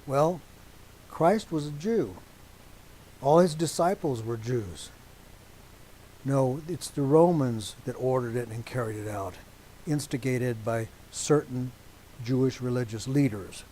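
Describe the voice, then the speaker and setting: A man delivers a teaching sermon to his congregation, speaking deliberately and with emphasis, pausing frequently to make sure his listeners agree. His voice is medium in pitch with a dark tone, and the rough recording carries a slight hiss or hum.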